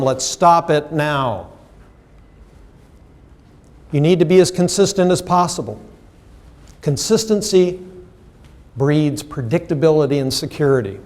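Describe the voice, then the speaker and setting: A man's voice: on the high side, darkish tone. A middle-aged man giving a professional development lecture to a seminar audience, emphatic and full of questions to the room, acting out the people he quotes. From United States. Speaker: seminar presenter.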